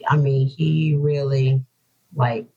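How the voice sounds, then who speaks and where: This guest, a woman author from North Carolina, talks with deep sincerity about the hard road she's traveled, frequently repeating herself for emphasis in an emotional interview. Her very deep, mellow voice is slow and flat in delivery, heard through dull lo-fi podcast audio with a faint hiss or hum.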